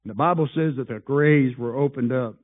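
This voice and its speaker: Impassioned preacher, tinny phone-like sound. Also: male voice, medium pitch, a little fast. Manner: impassioned, rhetorical questions, swings from loud to hushed. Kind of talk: sermon.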